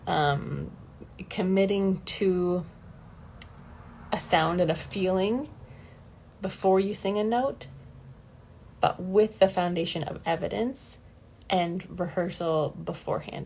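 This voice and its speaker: A woman's voice: lowish voice, takes it slowly, vocal fry, pauses often, husky. A woman vocal coach talking casually and candidly in a livestream lesson, laughing often and acting out the voices in her head.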